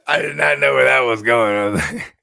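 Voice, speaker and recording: A man's voice: medium pitch, vocal fry, pushed and bright. A man co-hosting a casual fantasy football chat, laid-back and crude, chiming in with short remarks. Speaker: podcast co-host.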